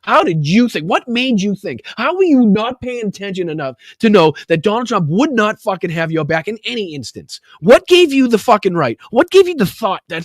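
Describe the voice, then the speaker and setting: A man's voice: sits high, big pitch swings, normal speed, few pauses, no room sound, studio quality. A male political talk show host ranting angrily and mockingly, swearing constantly. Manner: angry, heavy swearing, mocking. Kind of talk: profane political rant.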